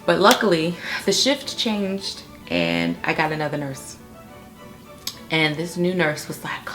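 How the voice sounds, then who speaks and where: A young woman vlogger sits in her living room on the couch, animatedly telling a storytime and frequently checking in with "okay?" Her voice is low and a little slow, with faint music in the background.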